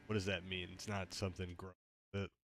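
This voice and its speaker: A man's voice: deep voice, level tone, fast, a bit bright, soft background music. A man streaming a game, chatting casually in a goofy, joking, easygoing way. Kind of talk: casual gaming stream chat. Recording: noticeable background noise.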